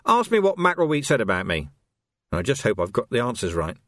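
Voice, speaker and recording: A man's voice: medium pitch, wildly swooping pitch, fairly quick, a bit bright, no echo. A man doing a blunt, hardened copper. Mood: firm. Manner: firm and blunt. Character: hardened gruff male police sergeant.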